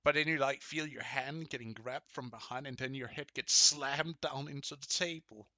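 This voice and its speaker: A young man narrating as game master of a tabletop game, halting and full of fillers. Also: medium pitch, bright, forceful tone, no room sound. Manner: halting, lots of fillers and restarts.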